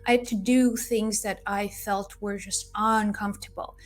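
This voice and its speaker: A woman's voice: medium pitch, fairly even intonation, normal speed, soft background music. A woman giving a spiritual card reading, who tells a personal story in an earnest, reassuring way and repeats phrases often. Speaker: tarot card reader.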